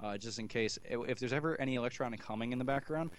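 A man's voice: mid-range voice, racing. A man co-hosting a podcast in casual chat, rambling and swearing, with many restarts. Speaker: podcast co-host.

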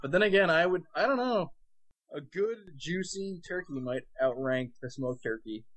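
A young man with a New Jersey accent rambles through a casual podcast chat, stumbling over words because of a slight speech impediment. He is on cold medicine, and his talk is loose, halting and full of fillers and swearing. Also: a little high, expressive, fairly bright tone, no room sound. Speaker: podcast co-host.

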